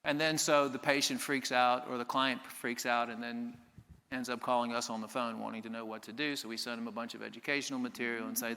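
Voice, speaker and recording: Animated man speaking in a hall. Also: mid-range voice, a little fast. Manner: animated, explains at length, acts out doctors. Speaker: panel speaker on health. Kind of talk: live conference talk. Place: conference stage.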